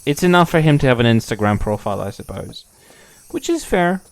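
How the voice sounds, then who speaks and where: A man's voice: medium pitch, very animated, a little fast, vocal fry. A young man streaming a game, chatting casually, playful and swearing freely. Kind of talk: casual gameplay commentary.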